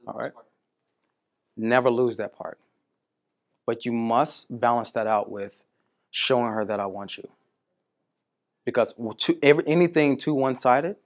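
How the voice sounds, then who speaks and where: Male dating coach, casual lively storyteller, mid-range voice. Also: mid-range voice, measured pace, long pauses. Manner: animated storytelling, acts out quoted women. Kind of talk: coaching talk to a student.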